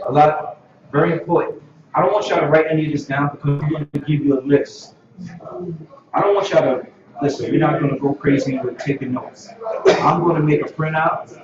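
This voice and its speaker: A man teaching an informal language class, unhurried and pausing often with fillers. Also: on the high side. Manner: unhurried, many filler pauses. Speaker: Hebrew teacher. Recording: echoey, distant, dull lo-fi room recording with noise.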